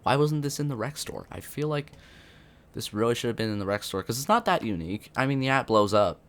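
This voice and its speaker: A man's voice: medium pitch, lively intonation, fairly quick, fairly bright tone. A young man giving unscripted commentary on a video game update, rambling with many fillers and restarts. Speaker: gaming youtuber.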